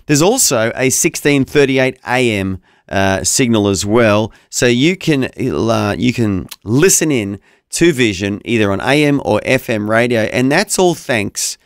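An Australian man co-hosting a breakfast radio show in a studio, chatting in an upbeat, quick way. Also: mid-range voice, expressive, no echo. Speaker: radio co-host. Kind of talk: casual breakfast radio chat. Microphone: studio microphone.

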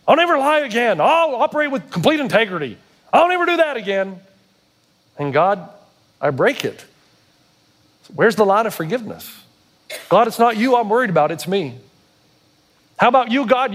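A man preaching a sermon, swinging between hushed low passages and high, emphatic peaks. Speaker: pastor.

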